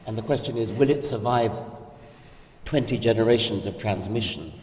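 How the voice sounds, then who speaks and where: An older man interviewing, explaining ideas in a measured, precise way with slight hesitations. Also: fairly low pitch, darkish tone. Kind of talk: conversational interview. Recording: distant mic, echoey hall with long reverb.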